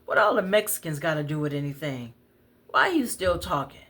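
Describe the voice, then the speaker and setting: A woman voicing a bold, protective woman in her forties who talks back loudly and curses. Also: deep voice, lively intonation. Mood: fierce. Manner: loud, brash, cursing, fast.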